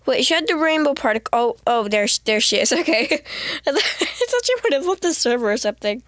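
A woman streaming a game, chatting casually in a giggly, excitable, rambling way while sounding sick. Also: high-pitched, fast, dry recording, studio quality. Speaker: gamer streamer. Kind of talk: casual live-stream commentary.

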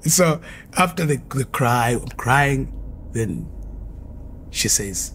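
A man's voice: mid-range voice, lively intonation, a little slow, slight background noise. A man who was formerly an occultist gives an earnest, vivid spoken testimony, repeating phrases as he tells his story.

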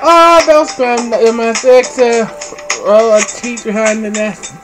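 A woman streamer chatting casually as she plays, giggling often and breaking into loud exclamations. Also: a little high, takes it slowly, low-quality recording. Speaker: gameplay streamer. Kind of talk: casual game commentary. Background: game music.

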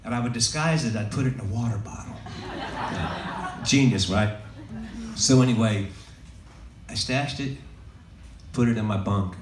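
A man's voice: lowish voice, normal speed, long pauses, noisy background. A man, a songwriter, telling loose, joking stories to a live audience between songs. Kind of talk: stage storytelling between songs. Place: live music venue, on stage. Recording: echoey live room, heard from a distance, loud music.

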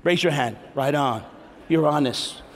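A man pastor preaching a sermon to a congregation in a large church, animated, acting out prayers and teasing the listeners. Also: fairly high pitch, unhurried. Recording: long reverb of a large hall.

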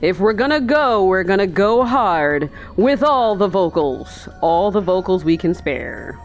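A woman's voice: medium pitch, expressive, a little slow, faint music behind. A woman giving let's play commentary, chatty and goofy, talking to herself as she plays. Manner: chatty, goofy, talks to herself while playing. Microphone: desk microphone.

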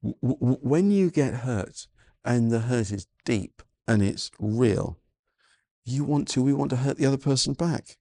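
A man's voice: medium pitch, expressive, a little slow, mellow, no echo. A man preaching a sermon, earnest and full of stammered restarts and "you know" fillers. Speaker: pastor.

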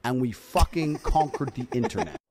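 A man's voice: medium pitch, expressive, moderate pace, a little mellow, big-room sound, a little hiss or hum. A man telling a boastful story on a podcast, swearing freely and acting out the quoted lines himself. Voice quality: profane, swaggering.

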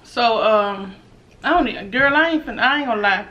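A woman's voice: fairly high pitch, expressive, moderate pace, bright, forceful tone, muffled recording, a little hiss or hum. A young woman hosting a casual eating vlog, teasing and talking between bites. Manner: loose, teasing, talks while eating, drawls. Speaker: mukbang channel host.

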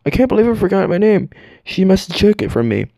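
Frightened ten-year-old girl, a man in falsetto, high and pleading, lively pitch. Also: fast, vocal fry, dry recording, clean studio sound, heavily acted. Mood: anxious. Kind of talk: comedic fan dub.

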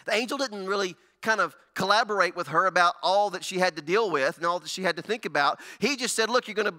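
A pastor preaches in a strikingly high, bright voice. He tells the story animatedly, slipping into the people he describes. His delivery is a lively, conversational sermon. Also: fast talker. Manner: animated storytelling, acting out characters.

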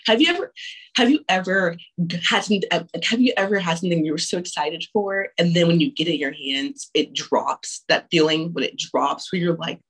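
A young woman with a husky, slightly low voice tells her personal story. She speaks frankly and casually, restarting her sentences often and swearing now and then. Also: a little fast, poor audio. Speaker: mother sharing her abortion story.

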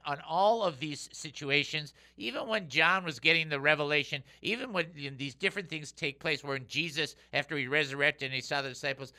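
Animated male radio preacher. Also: mid-range voice. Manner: animated, emphatic, swings between loud and hushed. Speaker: radio show host and preacher. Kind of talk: radio Bible teaching.

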